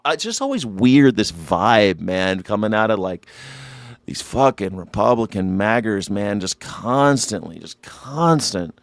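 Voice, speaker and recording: A man's voice: lowish voice, big pitch swings, normal speed, dry recording, clean studio sound. A man hosting a live news reaction show, talking in a sarcastic, irreverent way and swearing freely.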